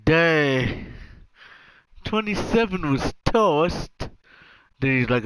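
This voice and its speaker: A man giving casual, jokey commentary over a football video game, acting out the players in quick asides. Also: a little high, big pitch swings, no echo, low-quality recording. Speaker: gaming commentator.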